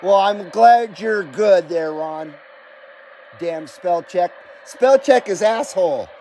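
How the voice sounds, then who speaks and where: A man's voice: sits high, lively intonation, slow pace, dark tone, a little hiss or hum. An American man hosting a CB radio livestream from his home radio room, chatting casually, reading viewer comments aloud and swearing now and then.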